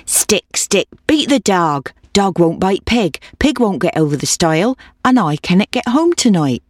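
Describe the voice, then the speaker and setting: A woman's voice: mid-range voice, big pitch swings, unhurried, no room sound, voice pushed up. A woman voicing a frustrated old woman who repeats pleading commands, in a dry recording. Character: frustrated old woman stuck with a stubborn pig.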